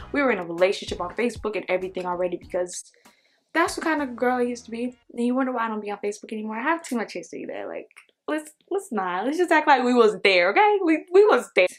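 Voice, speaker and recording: A young woman from Oklahoma telling a storytime vlog, animated and acting out the voices. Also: a little high. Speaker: vlogger.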